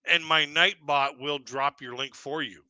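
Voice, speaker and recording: A man's voice: a little high, a little slow, sharp tone, dry recording, poor audio. A man hosting a livestream, telling stories in a rambling, casual way with many restarts and chuckles. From Canada. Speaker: livestream host. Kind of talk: casual storytelling chat.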